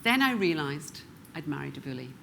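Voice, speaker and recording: A woman's voice: deep voice, big pitch swings, gravelly, sharp tone, slight background noise. Scottish woman giving a motivational stage talk. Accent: Scottish, Glasgow. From Scotland. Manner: dramatic pauses, slows down for emphasis. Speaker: keynote speaker. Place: conference room before a live audience.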